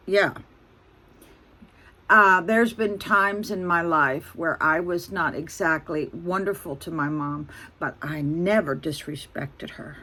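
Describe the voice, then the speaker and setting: A woman's voice: on the low side, slow pace, bright, forceful tone, breathy edge. A woman in her sixties, venting bluntly and ramblingly to her phone camera. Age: 60s. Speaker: vlogger.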